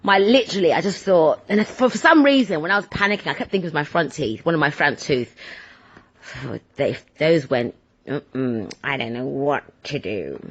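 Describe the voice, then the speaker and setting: A woman vlogger telling everyday stories in a rambling, animated, self-deprecating chat. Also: on the low side. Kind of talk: casual chatty monologue. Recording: dull lo-fi sound.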